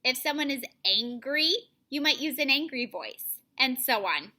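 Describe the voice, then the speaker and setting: A young woman teacher giving an online reading lesson to children, modeling phrasing clearly and deliberately. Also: sits high, animated, pushed and bright.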